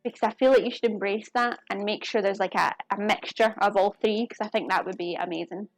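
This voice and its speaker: Speaking a little fast in a steady, medium-pitched tone, a woman chats with viewers while cooking during a live stream from her home kitchen. Faint music plays under the dry recording.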